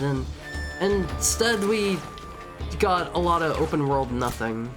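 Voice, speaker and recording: A male streamer with a slightly raspy sick voice, commentating his own gameplay live, excitable, stammering and yelping when he panics. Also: a little high, takes it slowly, over music. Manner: excitable, yelps and panics, stammers and restarts often.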